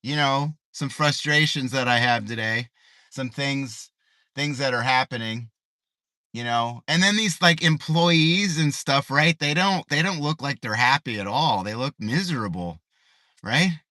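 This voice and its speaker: A man's voice: mid-range voice, unhurried, pushed and bright, no room sound. A middle-aged man livestreaming from a parked car, ranting in a casual way and repeating rhetorical questions. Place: parked car in a parking lot.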